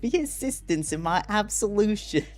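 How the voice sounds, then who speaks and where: A man's voice: high voice, lively intonation, normal speed, faint music behind, pitched above the performer's own voice. A man voicing a stiff, formal male mafia soldier from a game as he reads its dialogue aloud. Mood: pleading. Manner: stiff, formal, grandly courteous.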